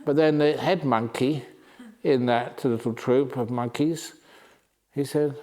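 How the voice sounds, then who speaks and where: A man's voice: medium pitch, steady tone, takes it slowly, darkish tone. A man, a Buddhist monk teacher, giving a humorous Dharma talk in a playful storytelling manner. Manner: playful, storytelling, chuckling often.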